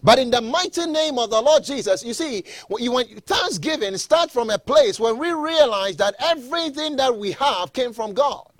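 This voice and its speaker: A man's voice: extremely high pitch, lively intonation, moderate pace, hardly any pauses, no room sound. A male pastor reading scripture aloud and then preaching a sermon with emphatic repetition.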